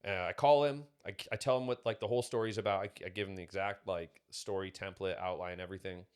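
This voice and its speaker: A man's voice: low voice, fairly even intonation, fast talker, smooth. A man talking casually on a podcast, rambling through stories with lots of fillers. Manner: rambling, filler-heavy storytelling. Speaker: podcast guest.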